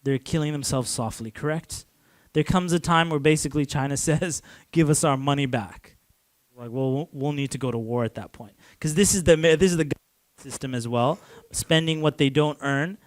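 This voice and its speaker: A man's voice: a little high, normal speed, dry recording. Chatty man lecturing, dry close sound. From Canada. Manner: conversational, full of "like" and restarts, chuckles often. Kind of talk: casual lecture to a class.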